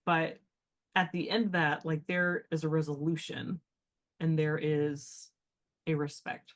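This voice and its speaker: A woman's voice: deep voice, little pitch movement, a little slow. A woman who is a teacher, chatting casually as a podcast guest, talking things through in a reflective, rambling way with many fillers.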